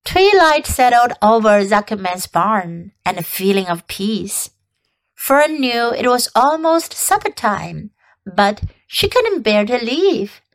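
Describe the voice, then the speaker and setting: A woman teacher reading a children's novel aloud in a gentle, measured narrating voice. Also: medium pitch. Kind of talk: storybook read-aloud.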